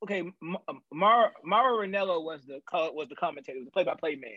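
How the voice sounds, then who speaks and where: Man, chat co-host, high and lively, halting questions, dry slightly lo-fi sound. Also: husky, dry recording. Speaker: podcast co-host. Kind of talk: casual chat.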